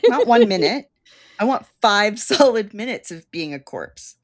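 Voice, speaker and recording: A woman's voice: mid-range voice, big pitch swings, moderate pace. A woman co-hosting a podcast, recapping a TV episode in casual chat with playful jokes and acted-out quotes. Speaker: podcast co-host.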